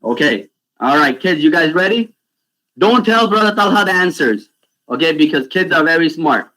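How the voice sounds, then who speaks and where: Animated man. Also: a little high, moderate pace, poor audio. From Pakistan. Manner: animated, keeps asking "right?". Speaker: youth speaker. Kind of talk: storytelling talk for children. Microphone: video call.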